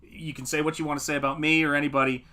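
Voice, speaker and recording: A middle-aged man, a comic artist, chatting on a livestream and telling animated stories. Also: on the high side, racing. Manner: animated storytelling, acts out quotes. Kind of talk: casual livestream chat.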